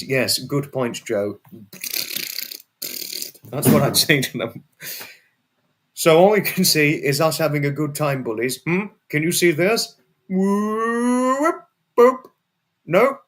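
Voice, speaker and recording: A man with a medium-pitched, slightly bright voice hosts a casual livestream, chatting with viewers and answering their messages. He rambles and repeats himself, often restarting and repeating phrases, and now and then breaks into a sweary outburst.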